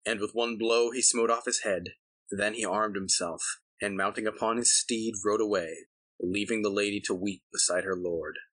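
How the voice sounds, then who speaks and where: Bright-voiced male storybook narrator. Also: lowish voice, steady tone, poor audio. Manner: measured, formal old-fashioned diction. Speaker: audiobook narrator.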